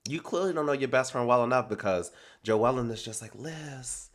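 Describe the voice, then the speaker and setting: A man giving a casual reality TV recap in an animated, sassy, slangy way. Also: medium pitch, a little fast.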